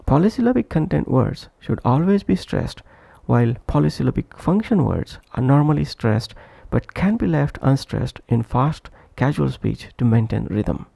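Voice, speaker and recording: A man narrating a scripted pronunciation lesson, slow and deliberate, repeating each example phrase for practice. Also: mid-range voice, vocal fry, warm tone, no echo. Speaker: English pronunciation teacher.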